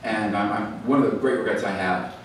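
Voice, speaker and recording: A man's voice: on the low side, fairly quick. A man giving a talk to an audience, telling stories in a chatty way with fillers and restarts. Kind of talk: lecture to a live audience. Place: library event hall. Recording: echoey hall, mic at a distance, faint noise.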